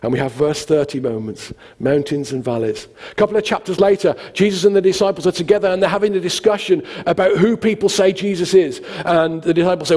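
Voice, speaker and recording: A man's voice: sits high, fast talker, few pauses. Man preaching in a reverberant hall. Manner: conversational, animated storytelling with acted quotes. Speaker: pastor. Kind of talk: sermon. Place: church hall.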